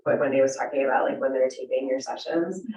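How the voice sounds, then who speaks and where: A woman's voice: a bass voice, fast, warm tone. A woman panelist with a cold, talking in a casual, chatty way full of fillers. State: has a cold. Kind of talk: panel talk at a career event. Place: university event room. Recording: distant, echoey, dull room recording.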